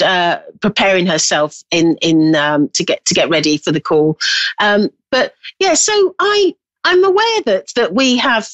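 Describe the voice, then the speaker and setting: A woman hosting a call-in show as a medium, mid-pitched and dry-sounding. She talks in a rambling, reflective way, restarting her sentences often. With callers she turns gentle and reassuring. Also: no room sound. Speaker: psychic medium and host.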